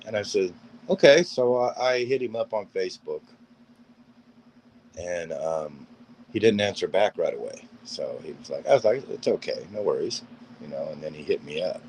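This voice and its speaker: A low-pitched middle-aged man chats as an interview guest, spinning a loose, rambling story. He acts out back-and-forth dialogue with "he goes" and "I go" as he talks. A faint hum of ambient noise sits behind him. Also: low-quality recording. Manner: rambling anecdotes acting out dialogue. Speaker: guest, paranormal gear builder.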